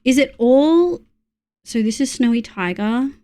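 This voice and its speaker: A young Australian woman talks her way through a game on a live stream, half to her viewers and half to herself. Her voice sits a little high, and she swears freely whenever something goes wrong. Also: animated, unhurried, dark tone. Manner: chatty, muttering to herself, swears when annoyed. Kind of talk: casual live-stream chat while gaming.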